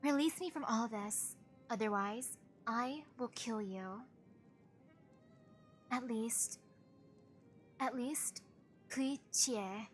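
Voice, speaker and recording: A woman voicing a bitter, vengeful young woman villain in a video game, speaking quietly and resentfully. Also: on the high side, takes it slowly, pauses often, faint music behind.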